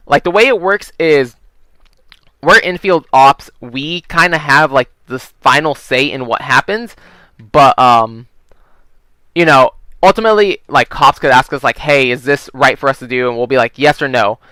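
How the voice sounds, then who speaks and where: A man's voice: medium pitch, animated, normal speed, bright, forceful tone, clean tone, dry recording, rough recording. A man telling work stories while playing a video game, rambling and swearing freely, with lots of "like" and "um". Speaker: gaming vlogger.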